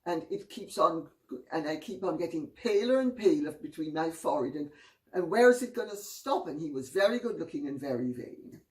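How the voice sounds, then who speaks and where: A woman's voice: sits low, expressive, a little mellow. A woman hosting her own channel, telling anecdotes in a wry, gossipy manner. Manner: gossipy, wry, drawn-out phrasing. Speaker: host. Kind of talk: casual storytelling commentary. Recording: roomy, distant mic.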